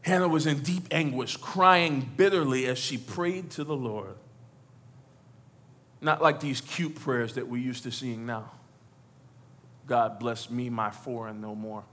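A man preaching as pastor, talking to the congregation conversationally, acting out quotes and building to loud exhortation. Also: mid-range voice, unhurried, long pauses. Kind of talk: sermon.

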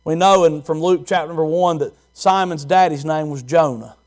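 A man's voice: on the high side, moderate pace, darkish tone. A man preaching a sermon as pastor, repeating phrases and asking the congregation questions.

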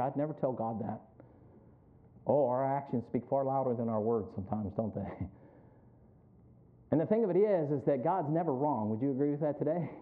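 A male pastor preaching a sermon, with emphatic, rising calls and frequent questions to the congregation. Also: medium pitch. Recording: tinny phone-like sound.

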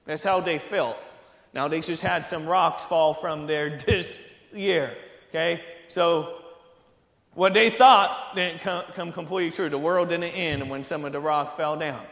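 A man preaching a sermon, slow and earnest, building to emphatic high peaks. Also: fairly even intonation, a bit bright, roomy sound, in a large hall.

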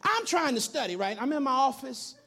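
A man preaching, casual and full of stories. His voice sits high and swoops widely. He builds to shouted lines. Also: sing-song, a little fast, breathy edge. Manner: casual, everyday speech. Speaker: pastor. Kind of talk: sermon.

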